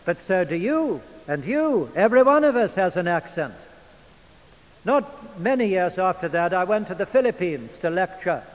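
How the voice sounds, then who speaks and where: An older man with an English accent preaching a sermon in a church, in a measured, emphatic manner. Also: high voice, very animated. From England. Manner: measured, emphatic delivery with drawn-out phrases. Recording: long church reverb.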